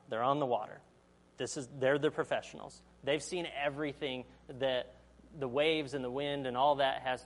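A man delivers a sermon at a medium pitch, reading scripture aloud and then unpacking it conversationally. He puts questions to the audience and acts out the quotes in different voices.

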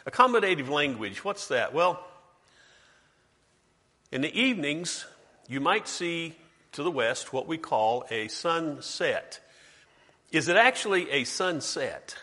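A man's voice: on the high side, expressive, unhurried, sharp tone, slightly rough. A man preaching a sermon in a conversational way, quizzing his congregation and slipping in joking asides. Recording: long hall reverb.

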